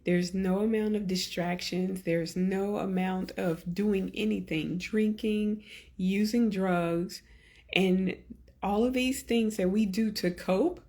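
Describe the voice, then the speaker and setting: A woman hosting a podcast, talking earnestly to her listeners and gently coaching them in slow, deliberate phrases. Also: medium pitch, steady tone. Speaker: podcast host. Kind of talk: reflective solo podcast talk.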